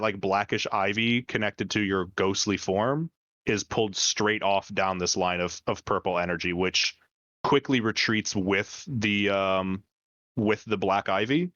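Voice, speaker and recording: Low-voiced man narrating a tabletop game. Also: a bit bright, dry recording, dull audio. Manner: descriptive, halting with fillers. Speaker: dungeon master.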